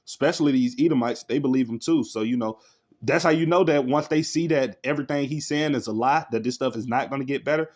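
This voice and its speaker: A man's voice: medium pitch, fast, a little mellow. A man in casual commentary reacting to a news clip, laughing often, speaking in loose slangy talk and reading scripture aloud. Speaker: religious online commentator.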